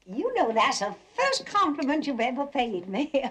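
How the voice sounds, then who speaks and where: Chatty southern belle mom, high voice that swoops all over, genteel and fluttery. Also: female voice, big pitch swings, normal speed, a bit bright, breathy edge, exaggerated voice. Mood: gushing. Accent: American Southern. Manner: chattering, genteel, laughing often. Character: fluttery aging Southern belle mother, talkative. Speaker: actress playing Amanda Wingfield, an aging Southern mother. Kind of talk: television drama acting.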